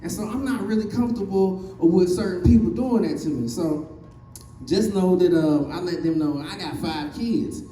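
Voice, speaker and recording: A man's voice: high voice, moderate pace, dark tone, echoey room, distant mic. A man from Virginia with a Southern accent, doing a stand-up comedy set with a loose, rambling delivery full of fillers. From Virginia, USA. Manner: loose, rambling delivery with many fillers, acting out other people's voices.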